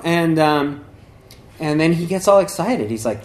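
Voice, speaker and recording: A man's voice: fairly high pitch, animated, unhurried. A man giving a casual spiritual talk who rambles with lots of fillers and restarts, and acts out voices in his stories. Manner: acts out voices while telling a story. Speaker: dharma talk speaker.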